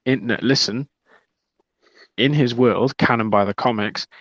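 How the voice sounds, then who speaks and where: A man's voice: mid-range voice, a little slow, a bit bright, no echo, lo-fi sound. Joking young man in casual chat. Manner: joking, swears freely, does silly voices. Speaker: podcast co-host.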